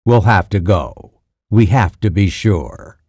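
A narrator doing a gruff, suspicious soldier for an audiobook, blunt and practical, in a low, mellow voice with a lively lilt. Close, dry sound. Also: male voice, takes it slowly, no room sound, full character voice.

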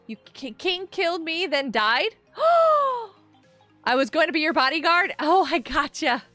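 A woman's voice: sits high, moderate pace, sharp tone, no room sound, soft background music. A woman in her thirties chatting with viewers while she plays on a live gaming stream, bubbly and giggly.

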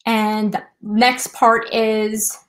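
A woman's voice: fairly high pitch, level tone, very slow, low-quality recording. A woman hosting a live trivia night, chatting casually and explaining things step by step with a self-deprecating touch. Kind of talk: casual live-stream demonstration.

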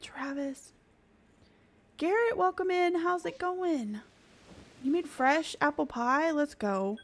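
A woman, chatting excitably with viewers while she streams a game. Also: sits high, slow pace. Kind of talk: casual live-stream chat.

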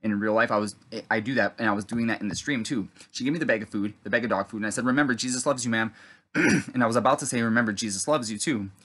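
A man telling about a dream in a halting, rambling monologue, full of fillers and throat clearing, then preaching earnestly. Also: lowish voice, a bit bright. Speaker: vlogger recounting a dream.

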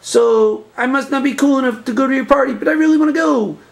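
A man voicing an earnest nerdy boy with glasses and a BB gun in a home-made comedy movie, delivering lines deadpan. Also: extremely high pitch, fast talker, creaky. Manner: deadpan, plodding announcement-style lines.

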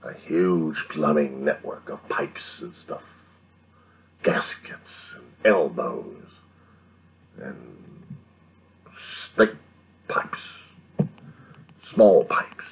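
His voice is a rumbling low with a breathy edge. He's a video diarist in his fifties from the United States, talking quietly to his own home camera late at night, rambling, musing and grumbling so as not to wake the neighbors.

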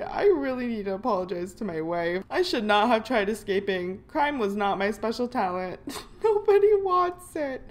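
A woman's voice: fairly high pitch, lively intonation, normal speed. A young woman giving let's play commentary on a life simulation game, giggling often and reacting dramatically to each event. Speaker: gaming YouTuber.

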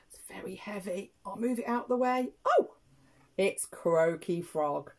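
A British woman, a nursery teacher, reading a picture book aloud to small children with playful, expressive gasps and hushed asides. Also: lowish voice, measured pace, creaky.

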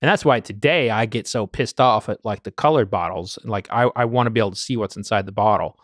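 A man's voice: on the low side, a little fast, no room sound, clean studio sound. A man co-hosting a podcast in casual chat, telling stories with many restarts. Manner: rambling storyteller with many restarts. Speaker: podcast co-host, bourbon collector.

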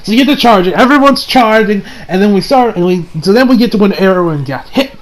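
A man giving a casual anime episode review, excitable and swearing, recapping scenes with mock quotes. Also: high-pitched, brisk, rough recording.

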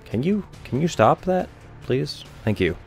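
A man's voice: on the high side, very animated, a little slow, gravelly, faint music behind. A young man giving rambling, offhand let's-play commentary over a video game, swearing casually. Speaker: gameplay commentator.

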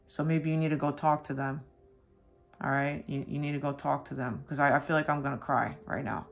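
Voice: medium pitch, steady tone, fairly quick, vocal fry. Earnest tarot reader, casual talk. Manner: earnest and reassuring, talks straight to the viewer; loose and repetitive, with many asides. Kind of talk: casual tarot reading to viewers.

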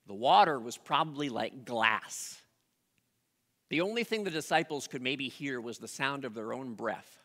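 A pastor preaching a sermon, telling a story with dramatic pauses and rising emphasis. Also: mid-range voice, sing-song. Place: church sanctuary. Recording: long reverb of a large hall.

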